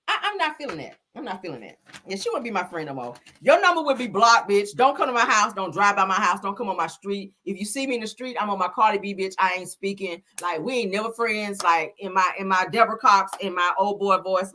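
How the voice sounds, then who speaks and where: A woman hosting a live stream, chatting casually and sassily with viewers, full of slang and laughter. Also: on the high side. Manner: sassy, animated, slangy, laughs often. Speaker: live-stream gossip host. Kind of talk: casual chat reacting to viewer comments.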